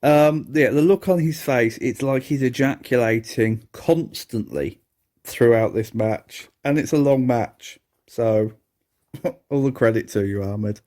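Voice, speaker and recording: A man speaks slowly in a dark, mellow voice, hosting a solo review podcast. He is sarcastic and dry, and keeps breaking into laughter at what he describes. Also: medium pitch. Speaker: podcast host.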